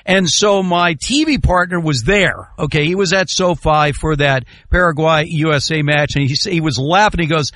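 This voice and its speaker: A male radio host chatting casually about sports, animated and joking, his voice jumping up loudly at times. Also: fairly high pitch, normal speed, hardly any pauses, no echo. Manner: animated, jokey, swings to loud exclamations.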